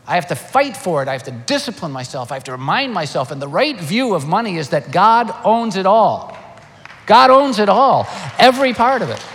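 An older man preaching a sermon, animated and emphatic, firing rhetorical questions. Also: high-pitched, brisk, hardly any pauses. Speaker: pastor. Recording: long hall reverb.

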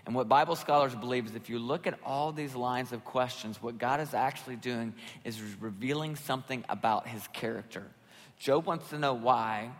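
A middle-aged man preaching a sermon as pastor, in a conversational, animated way, acting out voices when he quotes people. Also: medium pitch, moderate pace. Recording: long hall reverb.

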